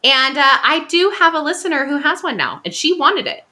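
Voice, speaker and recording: Podcast co-host, woman, light Valley Girl accent, bright tone, very animated pitch, chatty. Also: fairly quick. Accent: Californian Valley Girl. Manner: chatty, peppered with "like", giggly. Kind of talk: casual chat and ad read.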